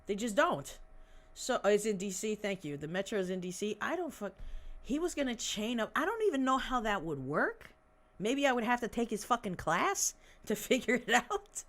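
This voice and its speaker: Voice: medium pitch, sing-song, moderate pace, a bit bright. A podcast host giving casual, sarcastic commentary on news articles, reading passages aloud and breaking off with mocking, profane asides. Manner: sarcastic, mocking, swears often.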